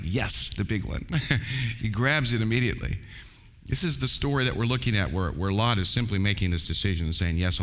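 A middle-aged man preaching a sermon, telling the story with animated, acted-out quotes. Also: mid-range voice.

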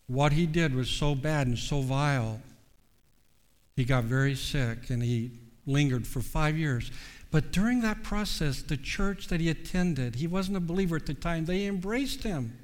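Preacher, male, earnest and measured, fairly high-pitched, long hall reverb. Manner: measured and earnest, with slow stressed pauses. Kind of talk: sermon.

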